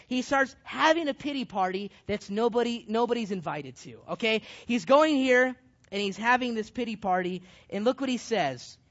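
A man leading a Bible study for young people, animated and jokey, breaking into shouts to drive points home. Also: very high-pitched. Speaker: youth Bible study leader. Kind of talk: lively Bible study teaching with props. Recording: dull lo-fi sound.

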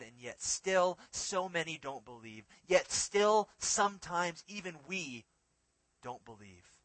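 A man preaching a sermon in a dramatic way, swinging between emphatic, loud lines and hushed ones. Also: mid-range voice, no room sound.

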